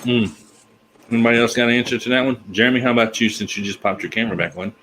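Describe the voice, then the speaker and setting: A man's voice: mid-range voice, racing, a bit bright, slight background noise, poor audio. A man hosting a casual live chat on a video call, folksy and easygoing. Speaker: livestream host.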